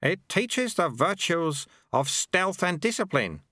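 A man voicing a stern, sharp-tongued old male sweeper monk who snaps his words, in an audiobook. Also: fairly high pitch, big pitch swings, slow, no room sound, studio quality, voice pushed up, full character voice. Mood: stern, scolding. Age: older. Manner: snapping, stern. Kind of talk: audiobook character voice.

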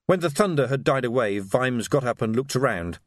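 A man narrating an audiobook with a lively, expressive reading. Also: mid-range voice, a little fast, no room sound, studio quality.

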